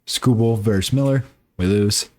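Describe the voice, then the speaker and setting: A man's voice: lowish voice, moderate pace, mellow. A man casually talking through his baseball video game season, rambling and correcting himself as he goes. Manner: rambling, self-correcting, offhand. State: tired. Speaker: gaming YouTuber.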